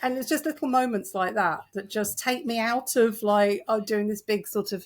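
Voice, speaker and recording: Animated British woman, middle-aged novelist. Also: mid-range voice, moderate pace, few pauses. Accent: British English. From United Kingdom. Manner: animated, laughs often, self-deprecating. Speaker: novelist guest. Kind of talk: conversational interview.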